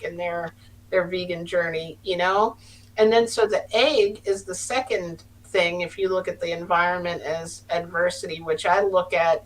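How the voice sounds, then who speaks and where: Middle-aged woman guest, lowish voice, chatty and earnest, lots of restarts, faint hum behind. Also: a bit bright. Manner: earnest, rambling with frequent restarts. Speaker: podcast guest. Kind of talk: casual storytelling. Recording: distant mic with faint hum.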